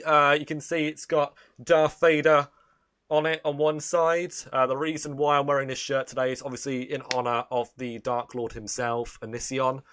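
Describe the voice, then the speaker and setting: Male streamer, mid-pitched, loose and profane, rambles between jokes. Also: fairly bright tone, clear, resonant tone. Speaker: live-stream host. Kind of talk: casual live-stream commentary.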